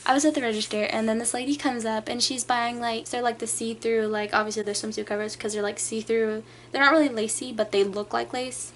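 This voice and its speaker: A woman's voice: a little high, a little fast, few pauses, slight background noise. Chatty young woman, filler-heavy storytime. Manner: animated, filler-heavy, many "like"s, acts out customers. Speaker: vlogger. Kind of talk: casual storytime rant.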